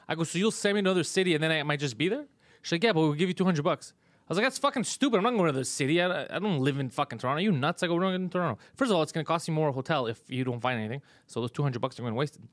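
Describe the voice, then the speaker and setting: A man hosts a casual comedy podcast, recounting his mishaps with plenty of swearing and laughter. His voice sits at a medium pitch and is recorded close and dry, with no room sound. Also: dry recording. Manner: profane, exasperated storytelling with frequent laughs. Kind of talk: casual chat, storytelling.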